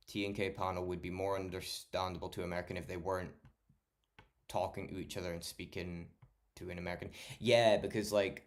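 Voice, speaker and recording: A young man from Scotland with a mild Scottish accent, chatting on a late-night stream in a rambling, sweary, laid-back way. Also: low voice. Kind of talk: casual chat.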